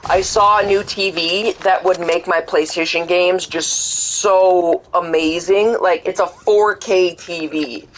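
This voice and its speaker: A high-pitched young man streams a game and rambles in a steady tone, a little slowly but with hardly any pauses. He swears heavily and acts out both sides of quoted exchanges, and the audio is poor, with slight background noise.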